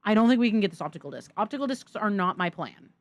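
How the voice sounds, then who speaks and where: Young woman streamer, chatty and giggly, lively pitch. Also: quick pace, no echo. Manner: chatty, giggly, thanks chat excitedly. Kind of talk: live gameplay commentary.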